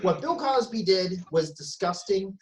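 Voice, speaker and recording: A man's voice: sits high, lively intonation, unhurried, a little hiss or hum. A man doing stand-up from home during lockdown. He swears freely and delivers punchy lines with sudden emphasis, often correcting himself mid-sentence. The sound comes through a video call. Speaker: stand-up comedian. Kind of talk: stand-up comedy set. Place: at home, self-isolating.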